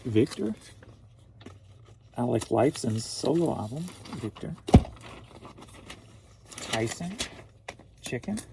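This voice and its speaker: A man's voice: mid-range voice, big pitch swings, slow pace, creaky, pauses often, heavy background noise. A man from St. Louis, Missouri, chatting casually at home, joking and riffing playfully on names as he goes. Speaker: online reseller. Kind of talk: casual rambling chat.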